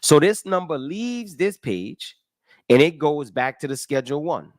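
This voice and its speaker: A man's voice: fairly high pitch, measured pace, no room sound, studio quality. A man giving a casual, emphatic tax lesson, walking through a form line by line and asking his listeners rhetorical questions. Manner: emphatic and animated, with rhetorical questions and folksy talk; walks through a form line by line, counting aloud. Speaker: tax educator. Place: live stream with comments.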